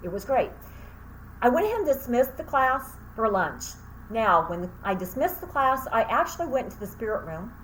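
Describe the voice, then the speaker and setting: A woman's voice: a little high, very animated, normal speed, fairly bright tone, slight background noise, low-quality recording. A woman who teaches Reiki and hosts her own channel, telling a story casually to the camera with lots of fillers and thank-yous.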